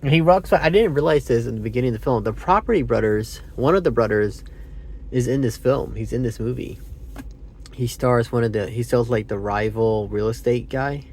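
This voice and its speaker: A man's voice: medium pitch, normal speed, darkish tone, a little hiss or hum. A man giving a casual, rambling movie review, meandering with fillers and self-corrections, sounding sleepy. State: sleepy, yawning.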